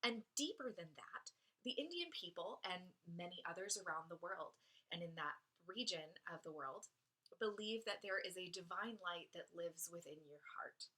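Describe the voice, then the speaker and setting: A woman yoga instructor calmly explaining a greeting as a guest speaker. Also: fairly low pitch, slightly rough. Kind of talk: gentle explanatory talk. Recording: provided video footage.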